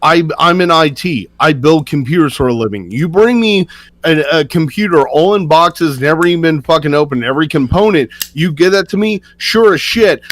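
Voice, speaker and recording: A man with a fairly high voice cuts into a live-stream debate. He swears through an escalating, angry tirade. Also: expressive, moderate pace, fairly bright tone, poor audio. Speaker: stream panelist. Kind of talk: heated live-stream argument.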